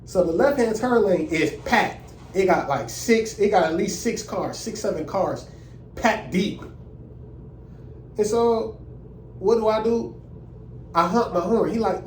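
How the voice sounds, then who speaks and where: A young man telling a story in a casual, animated, indignant way and using lots of slang. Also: high-pitched, measured pace, long pauses, reverberant, far from the mic, slight background noise. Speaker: vlogger.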